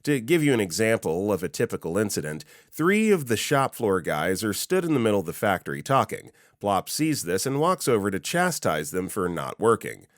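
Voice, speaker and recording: A man reading a Reddit story aloud as narrator, in a wry, expressive storytelling manner. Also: lowish voice, normal speed, hardly any pauses, no echo, clean studio sound.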